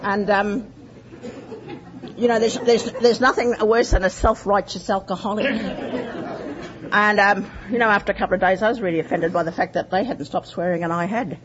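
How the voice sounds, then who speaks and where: A woman's voice: mid-range voice, steady tone, normal speed, a crowd in the background. A woman sharing her recovery story in a candid, rambling way, full of fillers. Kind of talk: personal testimony. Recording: dull lo-fi recording with faint noise.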